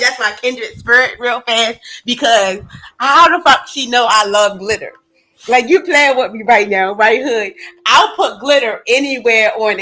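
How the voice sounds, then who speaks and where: A woman holds forth on a livestream. She is blunt and profane, swearing freely as she talks to her chat. Her voice swings between loud bursts and low asides. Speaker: livestream host. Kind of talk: casual livestream rant.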